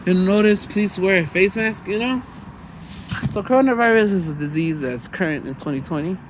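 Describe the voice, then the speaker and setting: This Mexican-American man from the US talks at a normal speed in a high voice while vlogging outside, the background noisy around him. His chatty, loose monologue keeps circling back to "you know" and "man," with curse words mixed in.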